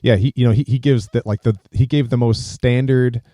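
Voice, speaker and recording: Brief: American podcast co-host, mid-range voice, stop-start and lively, close and dry. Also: male voice, mid-range voice, no echo. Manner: halting, animated, many restarts. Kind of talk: casual chat.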